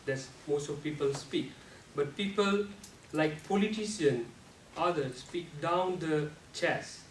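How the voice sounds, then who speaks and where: A man giving a prepared club speech on how to use the voice, speaking slowly and deliberately with non-native grammar, and now and then showing off sudden jumps in pitch and loudness. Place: meeting room. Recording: echoey room, speaker far from mic, faint noise.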